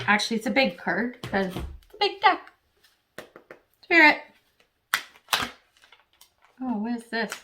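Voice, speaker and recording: A woman with a slightly high voice gives a casual tarot reading. She chats straight to the viewer, thinks out loud as she draws cards, and swears freely. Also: very animated, slow, pauses often, a little hiss or hum. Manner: thinks aloud while pulling cards. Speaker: tarot reader.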